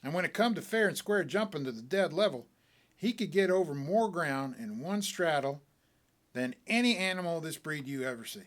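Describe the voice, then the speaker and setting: A man spins a frontier tall tale in an animated, folksy storytelling manner. His voice sits slightly high and swings widely in pitch, bringing the yarn to life. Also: moderate pace. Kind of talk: dramatic reading of a short story.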